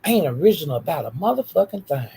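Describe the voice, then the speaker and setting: A woman's voice: sits low, sing-song, fast, vocal fry, mellow, slightly rough. A woman ranting in a YouTube commentary, scolding and swearing nonstop with repeated insults. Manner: profane, scolding, repetitive insults.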